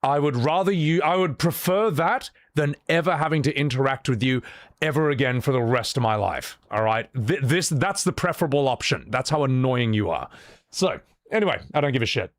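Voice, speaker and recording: A man's voice: medium pitch, animated, brisk, no room sound, clean studio sound. A man streaming live, chatting casually with his viewers, blunt and profane as he vents his exasperation, often restarting his sentences. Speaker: livestreamer. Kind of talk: casual livestream chat.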